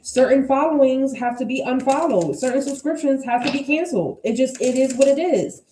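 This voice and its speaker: A blunt, outspoken woman doing a casual tarot reading, cursing freely as she makes her points. Her voice sits a little high but sounds mellow and soft-edged. The room around her is echoey. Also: brisk, a little hiss or hum. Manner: blunt, profane and emphatic. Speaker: tarot reader. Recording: roomy echo.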